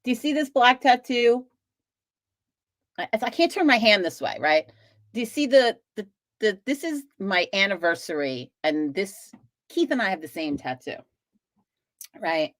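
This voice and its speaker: A woman's voice: medium pitch, very animated, a little slow, pauses often, no room sound, clean studio sound. A woman hosting a live stream, chatting casually with viewers, talkative and swearing freely as she rambles.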